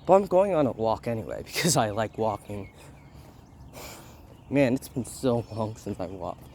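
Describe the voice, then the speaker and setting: Walking his neighborhood, a slightly sick young vlog host rambles casually and laughs often as he cuts himself off. His voice sits on the low side, dark and expressive, at a normal speed. Slight background noise carries birdsong and a dog's barking.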